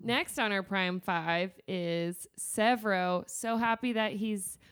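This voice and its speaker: A woman's voice: medium pitch, slow, a bit bright, clear, resonant tone. A woman co-hosting a casual book discussion, chatty and laughing, swearing easily. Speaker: podcast co-host.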